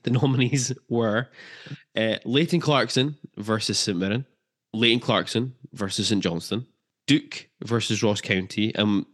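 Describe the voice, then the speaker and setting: A man's voice: on the low side, fairly bright tone. A man co-hosting a football podcast, chatting casually and jokily with filler ums. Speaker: podcast co-host.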